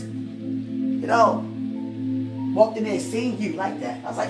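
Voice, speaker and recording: A woman giving a casual spoken faith testimony, emphatic and swinging from soft musing to loud outbursts. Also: mid-range voice, measured pace, long pauses. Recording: roomy echo with music behind.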